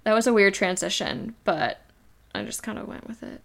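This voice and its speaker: A woman's voice: mid-range voice, moderate pace, vocal fry, fairly bright tone. A woman co-hosting a casual book discussion, rambling with many fillers and restarts. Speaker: podcast co-host.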